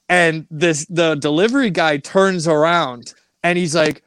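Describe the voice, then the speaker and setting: A man's voice: on the high side, measured pace, fairly bright tone, clear, resonant tone, no echo. A young man casually telling a rambling, funny story on a podcast, laughing and acting out the people in it. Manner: rambling, laughing, acts out voices in his stories. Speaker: podcast co-host.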